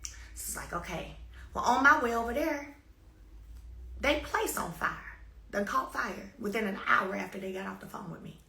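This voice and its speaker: A woman's voice: medium pitch, lively intonation, normal speed, creaky, long pauses, pushed and bright, roomy sound. A woman shares a personal story with her followers in an emphatic, repetitive way, with sudden bursts of energy. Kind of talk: casual spoken testimony to followers.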